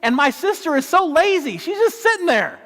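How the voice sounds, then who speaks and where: Man putting on a whiny put-upon housewife, complaining, pitched up high, big reverberant hall. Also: big pitch swings, normal speed. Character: harried biblical housewife complaining about her sister.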